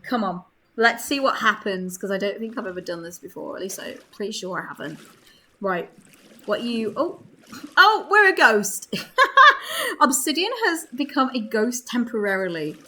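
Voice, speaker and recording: A young woman chatting excitedly while playing a life-sim game, laughing often. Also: medium pitch. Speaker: gaming creator. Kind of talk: casual gameplay commentary.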